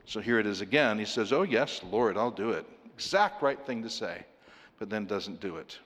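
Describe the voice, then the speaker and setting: Animated preacher in a reverberant hall. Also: male voice, fairly low pitch, normal speed. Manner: animated, acts out voices with laughs. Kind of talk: sermon.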